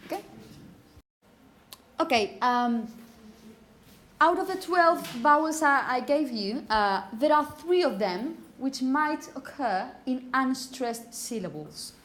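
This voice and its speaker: A woman teaching a pronunciation class, calling on students and asking "okay?" often, and repeating words slowly. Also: high voice, lively intonation, a bit bright. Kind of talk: classroom phonetics lesson.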